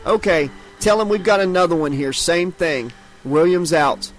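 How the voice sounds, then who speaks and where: A grim small-town sheriff, as a man puts him on, curt and businesslike. His voice rides somewhat higher than the reader's own, clipped and firm. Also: moderate pace, soft background music, close to an everyday voice.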